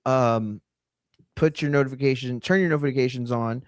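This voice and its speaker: A man hosting a live stream, chatting loosely and giving offhand shout-outs to viewers. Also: medium pitch, moderate pace, no room sound, clean studio sound. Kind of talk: casual live-stream chat.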